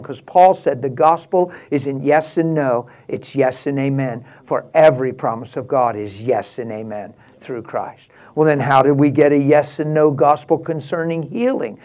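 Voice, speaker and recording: A man preaching a sermon, rising to passionate, laughing exclamations and dropping to a hushed prayerful tone. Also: mid-range voice, steady tone, normal speed, hardly any pauses. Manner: drops to a hushed prayerful tone near the end.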